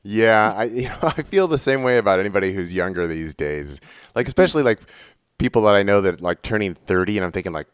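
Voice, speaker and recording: A man in his forties from the United States, hosting a podcast in an easygoing, chatty way with frequent filler pauses. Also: lowish voice, animated, clean tone. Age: 40s. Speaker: podcast host. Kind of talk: casual podcast talk.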